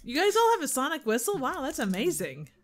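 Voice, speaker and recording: A woman guest on a casual film commentary, reacting in an animated, laughing way. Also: sits high, a little fast, soft background music.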